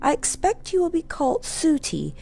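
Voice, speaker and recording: A woman voicing a gentle, wise mother pony in a storybook reading, speaking in a soothing, motherly way. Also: very high-pitched, huge pitch swings, moderate pace, gravelly, voice pushed up, full character voice.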